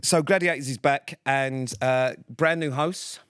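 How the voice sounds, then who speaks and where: A man's voice: mid-range voice, measured pace, a bit bright, clean tone, no room sound, studio quality. A man co-hosting a podcast, telling stories in casual chat, sweary and full of fillers. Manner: sweary, rambling storyteller with many fillers. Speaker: podcast co-host.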